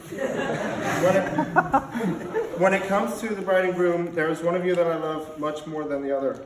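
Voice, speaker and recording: A man's voice: high-pitched, unhurried, long pauses, noisy background. Young man giving a comic wedding toast. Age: 20s. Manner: deadpan joke delivery with laughing asides. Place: wedding reception hall. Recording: roomy hall recording from a distance, loud crowd. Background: wedding guests laughing.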